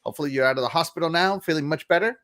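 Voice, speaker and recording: A man's voice: fairly high pitch, racing, a bit bright. A man hosting a casual livestream podcast, chatty and upbeat, laughing often as he greets viewers. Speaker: podcast host.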